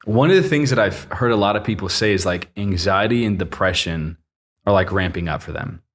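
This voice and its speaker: A young man hosting a podcast, upbeat and quick to laugh. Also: low-pitched. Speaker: podcast host. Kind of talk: casual podcast chat.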